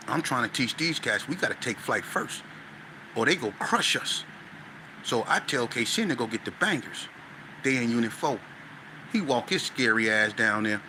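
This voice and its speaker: A man from Las Vegas, a podcast guest, telling a story in casual, animated street talk that grows loud and high when he gets excited. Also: slight background noise, rough recording. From Las Vegas, West Side.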